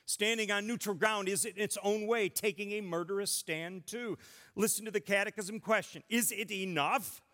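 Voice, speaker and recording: A man preaching a sermon, emphatic, with big swings in pitch and volume. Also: moderate pace, pushed and bright. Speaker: pastor. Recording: long church reverb.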